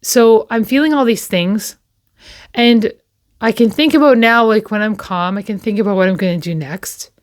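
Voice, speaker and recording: A woman and parent hosting a recovery talk, speaking candidly and slowly with frequent pauses and repeated words. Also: medium pitch. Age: adult with children. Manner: candid and slow, pausing often and repeating herself. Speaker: recovery channel host. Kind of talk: reflective personal talk to camera.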